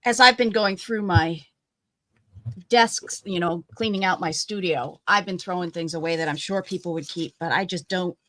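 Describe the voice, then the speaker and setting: A woman's voice: on the low side, normal speed, a bit bright, no echo. A woman co-hosting a casual crafting livestream, chatting and reading out viewer comments. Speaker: crafting co-host.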